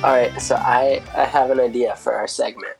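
A man's voice: medium pitch, fairly even intonation, normal speed, creaky, loud music behind the voice. A man co-hosting a podcast, teasing his partner in a mock-serious way and laughing often. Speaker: podcast co-host. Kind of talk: casual podcast banter.

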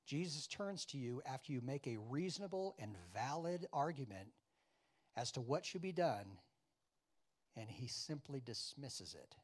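A man preaching a sermon, acting out dialogue and questioning his congregation, loud one moment and quiet the next. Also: mid-range voice, unhurried. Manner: animated, acts out biblical dialogue with wide swings in loudness; addresses the congregation with questions and asides. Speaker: pastor.

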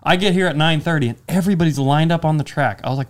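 A man's voice: a little high, racing, hardly any pauses. A man co-hosting a casual podcast chat, telling stories with lots of acted-out quotes. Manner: animated storyteller, acts out quotes. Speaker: co-host.

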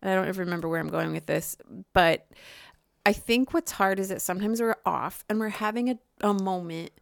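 A woman's voice: medium pitch, a little fast, gravelly, no room sound, studio quality. A middle-aged woman co-hosting a podcast, rambling and laughing as she tells family stories. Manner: rambling, self-interrupting, laughing storyteller. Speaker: podcast co-host. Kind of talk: casual chat.

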